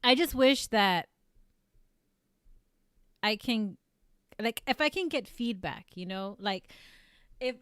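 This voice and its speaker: Woman, casual livestream chat, rambling with fillers, smooth clear voice, dry close sound. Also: a little high, expressive, takes it slowly, pauses often, a bit bright, no echo. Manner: rambling, with many fillers and self-corrections; reads viewer comments aloud. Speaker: streamer and voice actress.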